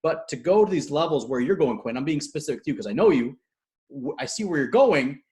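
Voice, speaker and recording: A man speaking as a guest coach in a casual video-call interview, energetic and acting out quotes as he tells stories. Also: on the high side. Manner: fast, energetic storyteller, acts out quotes. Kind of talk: animated casual interview talk.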